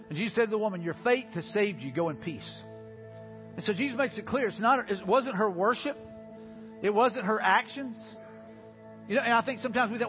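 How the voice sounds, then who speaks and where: A male pastor preaching an earnest sermon, often saying "man" and dropping to soft low tones when he makes his appeals. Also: lively intonation, a little fast, dull audio, soft background music.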